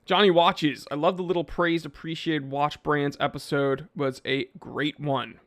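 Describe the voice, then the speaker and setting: Male livestream host, casual and animated, slightly raised pitch, lots of restarts. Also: unhurried. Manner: animated, reads viewer names aloud, frequent fillers and restarts. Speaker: livestream host answering chat. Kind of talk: casual live chat. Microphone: microphone he sometimes bumps.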